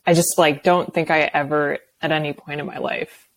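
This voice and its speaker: A woman's voice: low voice, fairly even intonation, normal speed, gravelly, fairly bright tone. A woman in her twenties, a podcast guest in casual chat, talking in a chatty way, laughing often and filling her talk with "like". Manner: chatty, laughs often, many filler likes.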